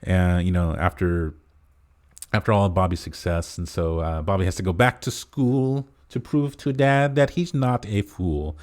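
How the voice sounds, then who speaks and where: A man's voice: low voice, measured pace, a little mellow. A man co-hosting a podcast, casually retelling a movie's plot and stringing his thoughts together with lots of "uh" fillers. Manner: rambling plot recap full of "uh" fillers. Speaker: podcast co-host. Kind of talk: casual movie review chat.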